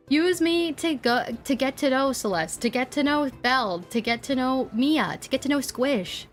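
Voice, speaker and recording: A young woman streaming and chatting casually, animated and ranting, laughing often and filling with likes and ums. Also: sits high. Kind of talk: casual live-stream chat while drawing.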